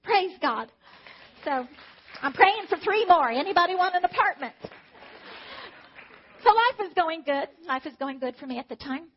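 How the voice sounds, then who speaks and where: A middle-aged woman with a high voice tells her personal testimony to a congregation. She is earnest and emotional and often turns to address God aloud. The recording is dull and lo-fi. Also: expressive, normal speed, pauses often, a little hiss or hum. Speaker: church testimony speaker.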